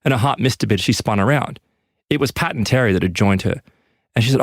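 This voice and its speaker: A man's voice: fast, dry recording, studio quality. A man hosting a podcast, narrating an eerie story with dramatic emphasis. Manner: dramatic, emphatic pitch lifts. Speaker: podcast host.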